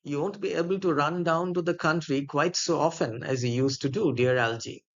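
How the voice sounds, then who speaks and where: A man reading aloud the lines of an exasperated, indignant young gentleman in a plain voice. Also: fairly high pitch, moderate pace, highs cut off. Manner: plain read-aloud delivery, little voicing.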